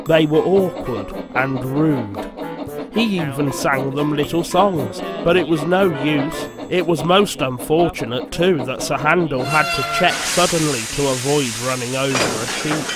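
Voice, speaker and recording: A man narrating a storybook in a slow, measured reading. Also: a little high. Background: background music.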